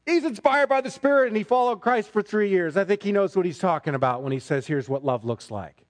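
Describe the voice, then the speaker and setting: A man delivering a sermon with an emphatic, swinging delivery. His voice sits a little high for a man. He moves from quiet, low passages up to loud, forceful ones. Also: animated, brisk. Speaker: pastor.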